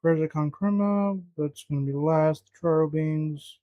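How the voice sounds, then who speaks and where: A man's voice: a little high, unhurried, no echo, highs cut off. A man cooking at home, talking to himself in a flustered, muttering way and swearing often. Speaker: home cook vlogger. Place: home kitchen.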